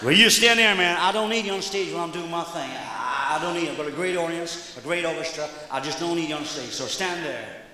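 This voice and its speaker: A man's voice: a little high, brisk, hardly any pauses, sharp tone, voice pushed down. A man doing a drawling, brash impression of an American rock-and-roll star, speaking live on a concert stage. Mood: dismissive. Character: swaggering American rock-and-roll king impression, male, middle-aged. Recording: echoey concert hall with live band.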